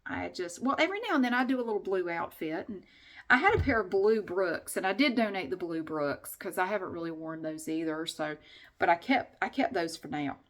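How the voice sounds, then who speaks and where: A woman's voice: on the low side, expressive, brisk, a bit bright. A middle-aged woman vlogging in a casual, rambling way, frank and chatty, often restarting her sentences and swearing mildly. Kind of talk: casual vlog chat.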